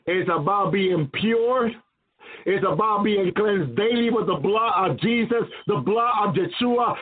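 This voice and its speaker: A man preaching a fervent testimony sermon that turns into repetitive pleading prayer, heard over a tinny phone-like radio line. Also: very high voice.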